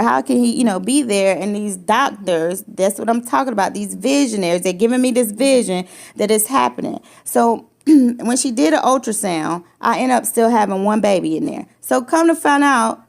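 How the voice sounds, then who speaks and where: A woman's voice: fairly high pitch, lively intonation, moderate pace, creaky. A woman sharing a painful personal story in casual conversation, emotional, restarting her sentences and acting out what others said. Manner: emotional, repetitive restarts, acts out quoted lines. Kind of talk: personal testimony, casual chat.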